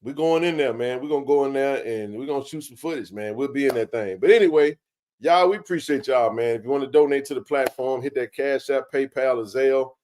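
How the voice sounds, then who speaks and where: A man's voice: medium pitch, brisk, darkish tone. A man hosting a casual live sports chat, laid-back and slangy, tossing in "man" and "bro" all the time. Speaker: livestream sports show host.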